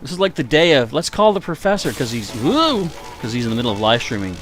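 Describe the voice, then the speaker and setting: A man's voice: medium pitch, sing-song, fast talker, music in the background. A man giving casual, rambling commentary while live streaming a video game and chatting with viewers, sounding tired. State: tired, yawning.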